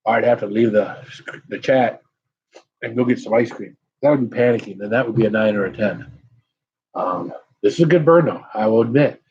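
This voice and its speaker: A man's voice: lowish voice, moderate pace, darkish tone, lo-fi sound. A middle-aged man hosting a casual live stream, chatting with viewers and blowing out breaths while his mouth burns from hot peppers. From United States. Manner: sighing and blowing out breaths from chili burn.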